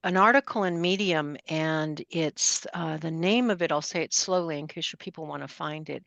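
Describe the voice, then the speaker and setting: A woman in her sixties, a guest astrologer speaking in a measured, reflective way in a podcast interview. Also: low-pitched, vocal fry, fairly bright tone, no echo, lo-fi sound.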